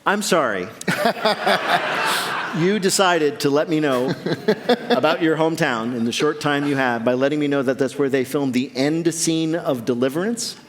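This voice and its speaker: A man's voice: a little high, a little slow, a bit bright. A man hosting a comic news quiz, joking and laughing at his own lines before a live audience. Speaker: quiz show host. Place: theater stage. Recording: live theater with long reverb and audience.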